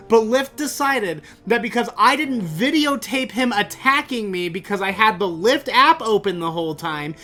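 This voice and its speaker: Bright-voiced man telling a profane story. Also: very high voice. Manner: animated, profane, exasperated storyteller. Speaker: podcast host. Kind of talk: casual storytelling monologue.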